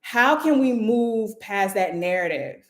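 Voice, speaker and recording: A woman's voice: mid-range voice, lively intonation, slow pace, reverberant. A woman hosting and moderating a casual livestream discussion, talking loosely with lots of "like" fillers. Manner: loose, chatty, full of "like" fillers. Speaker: host and moderator.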